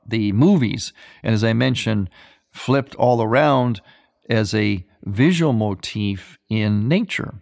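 A priest hosting a dry studio radio talk. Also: male voice, medium pitch, no room sound. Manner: reflective, repeats phrases while building a point.

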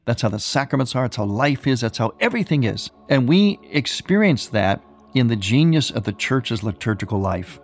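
A man's voice: mid-range voice, big pitch swings, moderate pace. A man, a priest hosting a radio program, giving a reflective teaching talk and often repeating phrases as he builds a point.

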